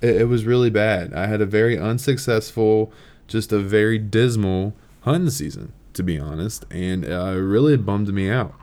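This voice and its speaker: A young man hosting a podcast and telling a story in a casual, animated way, swearing and laughing as he talks. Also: fairly low pitch, normal speed. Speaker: podcast host.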